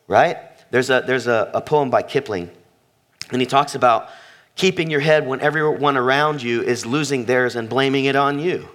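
A man's voice: on the high side, a bit bright. A man preaching a sermon as pastor, emphatic, repeating phrases and asking the congregation questions. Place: church sanctuary.

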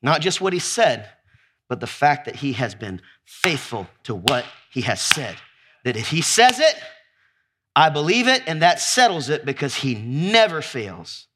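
A man delivers an animated sermon in a high, bright voice that swoops up and down. He calls out to his listeners for answers and whoops with delight while acting out scenes. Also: measured pace, slight background noise. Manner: exuberant, acts out scenes with whoops and laughter. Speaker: preacher. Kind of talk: animated sermon with audience call-and-response.

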